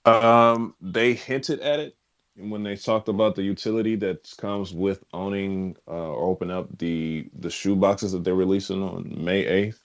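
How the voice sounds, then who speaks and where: A man co-hosting a casual chat, answering hesitantly with many pauses. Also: sits low, steady tone. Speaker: co-host.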